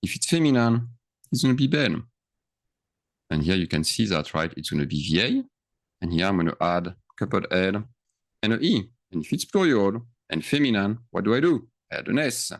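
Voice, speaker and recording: A man's voice: lowish voice, big pitch swings, normal speed. A man teaching a grammar lesson over screen share, thinking aloud and checking in with frequent questions. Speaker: French teacher.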